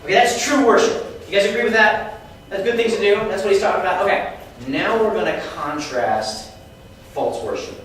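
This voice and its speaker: A man teaching a Bible lesson to students, lively and quizzing the class with questions. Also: high-pitched, a little fast. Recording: echoey room, mic far off, faint noise.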